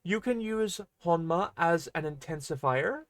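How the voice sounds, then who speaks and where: A man teaching an online language lesson in a casual, chatty way. His voice sits a bit high, and it springs up on the example words he highlights. The recording is dry and close, with no room echo. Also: a little slow. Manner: chatty, explanatory, with lively pitch jumps on example words.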